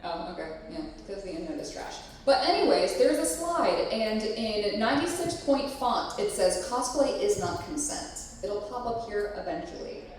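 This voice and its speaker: A woman's voice: mid-range voice, sing-song, normal speed, hardly any pauses, a little hiss or hum. A woman presenting a convention panel in a casual, frank way, swearing now and then and filling her talk with "like, you know.". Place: convention panel room with live audience. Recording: echoey room, distant mic.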